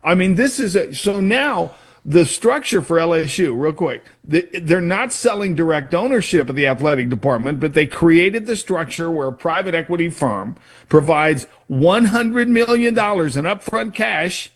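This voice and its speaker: Animated man explaining sports money. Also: on the high side, normal speed, husky. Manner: rambling, restarts and explains with examples. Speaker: sports talk host. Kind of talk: casual sports talk.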